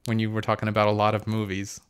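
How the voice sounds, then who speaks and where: A man's voice: on the low side, monotone, very fast, smooth. A man from Pennsylvania hosting a casual podcast chat at a studio mic, wry and teasing, swearing freely. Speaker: podcast host. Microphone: studio mic with foam cover.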